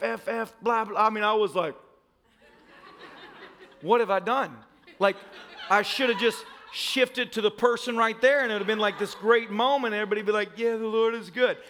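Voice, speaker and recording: A man's voice: high voice, pushed and bright. A pastor in his thirties preaching a sermon, telling a story with laughter and a voice that cracks upward. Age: 30s.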